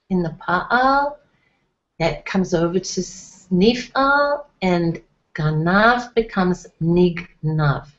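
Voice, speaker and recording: Female teacher, lowish voice, unhurried, patient explainer; dull lo-fi recording. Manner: patient, explains step by step with many fillers. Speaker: Hebrew teacher. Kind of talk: slow, careful language lesson.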